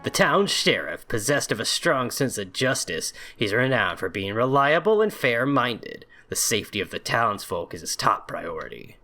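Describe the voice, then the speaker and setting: A young man riffing on a game he is playing, sarcastic and full of swearing. His voice is bright and forceful with a lively pitch, and faint game music plays underneath. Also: moderate pace, few pauses. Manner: profane, sarcastic joking. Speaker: video game let's play host. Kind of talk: casual gameplay commentary, reading game text aloud.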